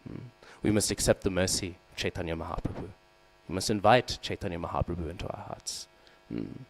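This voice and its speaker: A man's voice: a little fast, creaky, low-quality recording. A man giving a scripture class in a temple, often checking in with his listeners with "hmm?" and "right?" and acting out quoted lines. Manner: acts out quoted lines with raised voice. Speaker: devotional class speaker. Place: temple hall. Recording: low mains hum behind.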